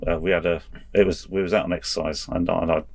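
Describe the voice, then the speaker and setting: A middle-aged man with a very deep voice tells an anecdote on a podcast. He speaks haltingly, restarts his sentences often and breaks into chuckles. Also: little pitch movement, gravelly. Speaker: guest, race official and former soldier. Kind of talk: anecdotal storytelling.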